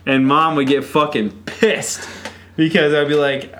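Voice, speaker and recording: A young man hosting a podcast, telling stories in casual, profane, animated chat. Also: on the high side, unhurried. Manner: loose, profane, animated storytelling. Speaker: podcast host.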